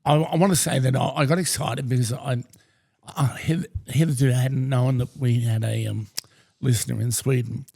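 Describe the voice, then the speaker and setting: A man co-hosting a podcast, speaking in a measured, articulate way with dry humour. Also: medium pitch, steady tone, gravelly, a little mellow. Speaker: podcast co-host. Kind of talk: casual podcast chat.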